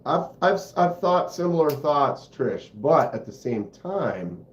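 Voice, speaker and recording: Slow rambly guy chatting on a livestream, kinda self-deprecating, echoey room. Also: on the high side, sing-song, a little hiss or hum. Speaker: host of a knife channel livestream. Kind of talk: casual livestream chat. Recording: roomy, slightly dull sound.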